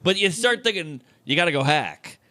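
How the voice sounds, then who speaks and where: A man's voice: fairly high pitch, normal speed, no room sound, clean studio sound. A male comedian telling a story on a podcast, acting out the people in it. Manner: animated storyteller acting out quoted voices.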